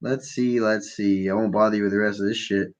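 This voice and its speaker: Hosting a live call-in show from Canada, a stoned man rants casually about politics, profane, rambling, and mocking. His lowish voice stays steady and moves a little fast.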